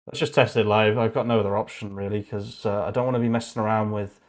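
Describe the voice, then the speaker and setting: A young man with a slightly low voice talks loosely through a coding livestream. He swears, muses aloud, and drops into a flat murmur when reading notes off his screen. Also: fast. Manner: chatty, swears freely, thinks aloud. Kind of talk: casual livestream chat while coding.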